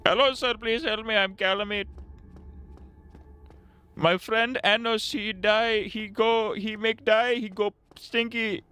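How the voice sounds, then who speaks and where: A man voicing a pleading male game boss creature in an exaggerated mock Indian accent, broken and slow. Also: sits high, fairly even intonation, pushed and bright, clear, resonant tone, pitched above the performer's own voice, heavily acted.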